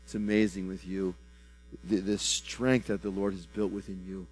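A man in prophetic ministry speaks a personal word over someone. He is fervent and repeats phrases, swinging from loud bursts to soft, low drops and stumbling into restarts. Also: little pitch movement, normal speed, faint music behind, rough recording.

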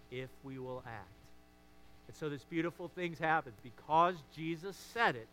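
A man preaching a sermon as a pastor, swinging between hushed, intimate stretches and emphatic, rising passages. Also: medium pitch, slight background noise.

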